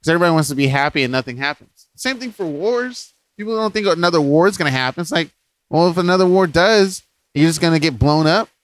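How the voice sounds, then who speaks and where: A man co-hosting a casual podcast, rambling and animated, laughing often. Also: fairly high pitch, fast talker. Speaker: podcast co-host.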